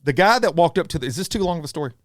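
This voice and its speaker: A man's voice: a little high, rapid-fire, no room sound. A middle-aged man with a Southern US accent, a podcast guest telling a story with animation and acting out the voices of others. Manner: animated, acts out voices of friends and strangers. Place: podcast studio.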